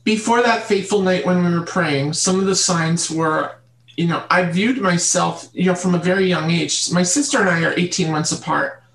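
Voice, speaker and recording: A woman guest in an interview, telling her childhood story in an earnest, halting way and repeating words. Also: lowish voice. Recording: roomy echo.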